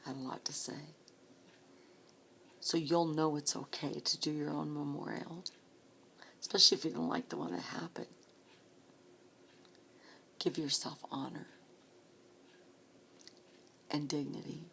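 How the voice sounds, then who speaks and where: A woman in her late forties talks straight to her viewers in a low, gravelly voice. Her delivery is slow and earnest and often drops close to a whisper. She sounds like she is holding back tears, and a faint hiss sits under the recording. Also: fairly even intonation, fairly bright tone. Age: 40s. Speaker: vlogger. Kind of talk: personal vlog message.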